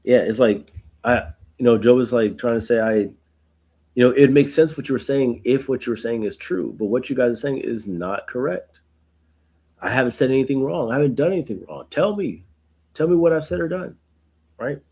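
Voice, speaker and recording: A man with a medium-pitched, slightly rough and a little mellow voice talks a little fast as he hosts a Bible study. After reading verses aloud, he explains them casually, often checking with "right?"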